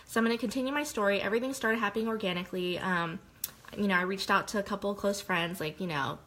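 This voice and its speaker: A young woman tells her story straight to camera, her voice sitting at an ordinary middle pitch. She talks openly and heartfelt, wandering through her thoughts with plenty of fillers. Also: quick pace, a bit bright, rough recording. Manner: candid, heartfelt, rambling with lots of "like". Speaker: direct-sales consultant. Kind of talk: personal testimonial monologue.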